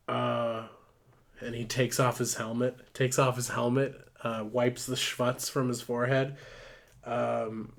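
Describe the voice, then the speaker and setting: A man's voice: medium pitch, flat delivery, takes it slowly, creaky. Brief: tipsy, foul-mouthed man narrating a home live stream. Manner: rambling, profane, tipsy.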